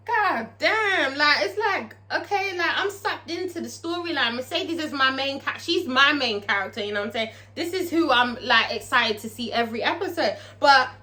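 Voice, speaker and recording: A woman giving a chatty, animated and profane recap of a TV episode, laughing often. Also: high-pitched. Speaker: TV episode reviewer. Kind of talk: casual recap commentary.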